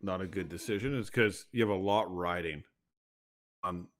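Man, lowish voice, podcast co-host, casual chat, argumentative, incredulous. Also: normal speed, a bit bright.

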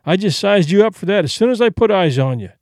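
A man's voice: sits high, lively intonation, fast, a little mellow, dry recording, studio quality. A man voicing a brash young male vaudeville tramp comic who talks in boastful, breezy slang.

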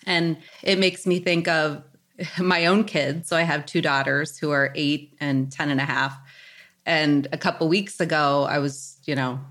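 A woman in her forties, a psychologist guest on a podcast, explaining things calmly and reflectively. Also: deep voice, a little slow. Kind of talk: podcast conversation.

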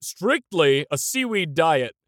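A man with a high, lively voice co-hosts a comedy podcast as Santa. He sets up pun jokes deadpan and chuckles at them. The sound is dry and close. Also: slow pace, no echo. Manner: deadpan joke setups, chuckling. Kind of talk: improvised comedy chat, telling pun jokes.

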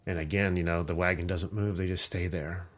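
A man's voice: low voice, steady tone, fairly quick, slight background noise. Man as a swearing podcast host. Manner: rambling, profane storytelling. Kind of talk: casual podcast chat.

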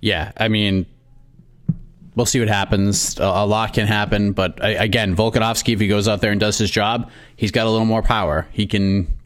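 Excitable boston guy hosting an mma chat, voice jumps way up when he gets into it. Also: moderate pace. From Boston, USA. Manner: animated, excitable, pitch leaps when stressing points. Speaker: MMA show host. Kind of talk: casual sports talk.

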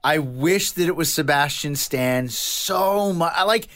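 Man, high bright voice, animated casual chat, emotional. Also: measured pace.

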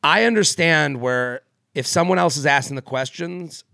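Chatty podcast guy with a gravelly voice. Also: fairly high pitch, normal speed, sharp tone, no room sound, clean studio sound. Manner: rambling, many fillers and restarts, laughs often. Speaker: podcast co-host. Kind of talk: casual chat.

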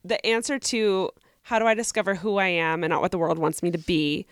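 A woman's voice: lowish voice, steady tone, a little fast, smooth, no room sound, clean studio sound. A young woman co-hosting a podcast, giving earnest, encouraging advice to a listener in casual chat. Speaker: podcast co-host.

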